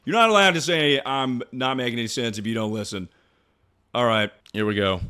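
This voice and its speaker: A man's voice: mid-range voice, fairly quick, sharp tone, clean tone. A young man streaming, riffing on viewer stories in crude, rambling casual chat. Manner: rambling, joking, trails off into mumbles.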